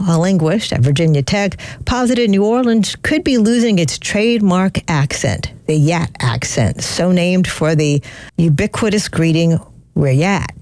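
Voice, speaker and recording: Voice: medium pitch, a little mellow. Radio news host reading an intro. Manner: smooth, scripted read. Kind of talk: scripted radio news presenting.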